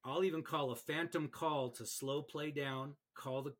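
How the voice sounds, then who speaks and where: A man who referees, chatting on a podcast and telling stories in an animated way, often repeating words as he goes. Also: a little high, unhurried. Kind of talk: casual podcast chat.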